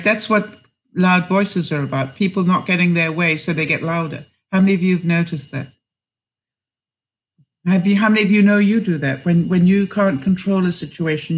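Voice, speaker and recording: A middle-aged woman vlogger on a live stream, reading viewers' comments aloud and giving them chatty life advice by name. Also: fairly low pitch. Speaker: vlogger answering live chat.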